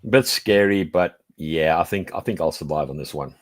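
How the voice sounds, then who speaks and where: A man's voice: rumbling low, moderate pace, dry recording. A man on a live stream panel, easygoing and chatty. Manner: easygoing, laughs often. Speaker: guest panelist. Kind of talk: casual live-stream chat.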